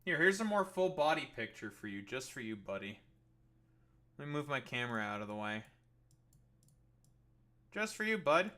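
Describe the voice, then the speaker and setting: A man's voice: mid-range voice, very animated, moderate pace, long pauses, bright, forceful tone. A man streaming live, arguing with his chat in a profane, combative and mocking way. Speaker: political streamer. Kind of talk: livestream argument with chat.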